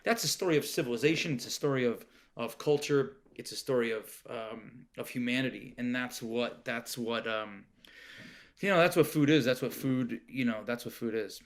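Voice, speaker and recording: A man's voice: medium pitch, normal speed. Rambling middle-aged man, podcast guest. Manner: rambling, many restarts and fillers. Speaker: podcast guest, restaurant owner. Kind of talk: casual interview chat. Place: Oregon home.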